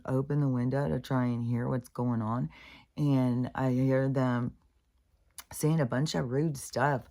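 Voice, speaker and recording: A woman's voice: a bass voice, a little mellow. A woman vlogging in a rambling, casual monologue, chatty and meandering, full of fillers and swearing.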